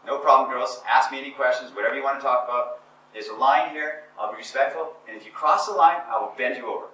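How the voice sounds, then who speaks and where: A man's voice: medium pitch, quick pace, bright, forceful tone. A man giving a motivational seminar talk to an audience, emphatic and repetitive, with stammering restarts. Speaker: speaker addressing a seminar audience. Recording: echoey room from far off.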